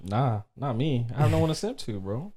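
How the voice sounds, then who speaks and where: A man's voice: medium pitch, very animated, a little fast, mellow. A young man co-hosting a podcast, laid-back and mumbling short replies in casual chat. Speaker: podcast co-host.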